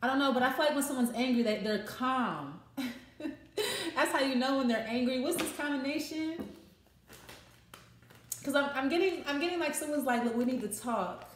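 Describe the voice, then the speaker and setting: A woman's voice: high-pitched, moderate pace, pauses often, roomy sound. A woman giving a casual tarot reading, talking freely, swearing and restarting her phrases. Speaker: tarot reader.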